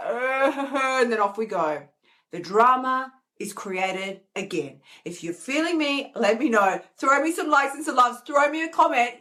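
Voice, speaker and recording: Middle-aged woman host, a bit high-pitched, animated casual self-help talk. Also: normal speed. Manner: animated, acts out inner voices.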